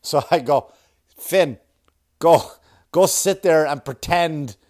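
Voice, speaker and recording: A man's voice: on the high side, slow pace, a little mellow. A man tells a casual comic story. He rambles, swears freely and pokes fun at himself, like a comedian hosting his own podcast. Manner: profane, self-mocking, rambling.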